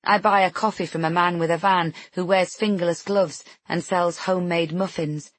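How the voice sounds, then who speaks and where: A woman's voice: lowish voice, fairly even intonation, normal speed, dry recording. A woman narrating a novel in first person, tense and introspective. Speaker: audiobook narrator.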